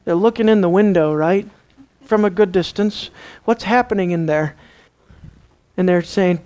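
A man's voice: high voice, moderate pace, darkish tone, smooth. A man pastor preaching a sermon, dramatic, asking the congregation rhetorical questions and acting out the people in the story.

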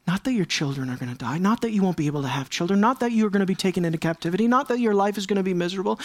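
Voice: animated, racing, few pauses, no echo. Pastor delivering a dramatic sermon, prodding the congregation with questions; dry, close recording. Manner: dramatic, swings from raised, high emphasis to hushed near-whispers; fires rhetorical questions at the congregation.

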